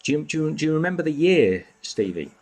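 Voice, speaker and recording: A man's voice: on the high side, big pitch swings, quick pace, darkish tone, faint music behind. A man hosting a casual live chat from home, greeting viewers by name and snacking as he talks. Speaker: live stream host.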